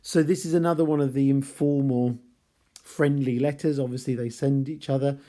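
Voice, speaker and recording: Mellow-voiced man explaining a classic novel. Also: medium pitch, fairly even intonation, normal speed. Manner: rambling, self-correcting, apologetic asides. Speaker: literature teacher. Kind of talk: casual novel analysis.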